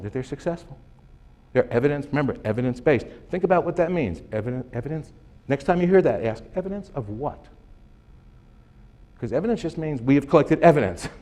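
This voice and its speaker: This conference speaker is a man with a mellow, medium-pitched voice. He lectures in a conference hall, sounding emphatic and sarcastic as he throws out rhetorical questions.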